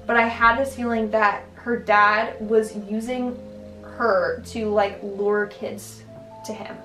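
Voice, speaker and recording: A woman's voice: on the high side, little pitch movement, slow pace, a bit bright. A young adult woman telling personal stories in a casual, rambling way, full of "like" and restarts. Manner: chatty, filler-heavy, lots of "like" and restarts. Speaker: vlogger. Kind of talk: casual storytelling. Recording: roomy, distant mic, faint music.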